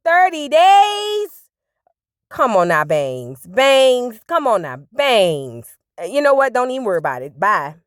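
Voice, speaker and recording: Sassy high-voiced woman recapping gossip. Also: dry recording, studio quality. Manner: animated, sassy, slangy storytelling with quoted voices. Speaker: reality TV recap host. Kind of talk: casual reaction commentary.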